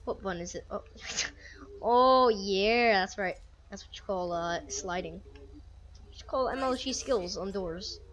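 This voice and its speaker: A woman's voice: medium pitch, unhurried, dull audio. A woman giving casual, chatty commentary while playing a police game, often laughing and talking to the characters. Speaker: gamer playing a police sim.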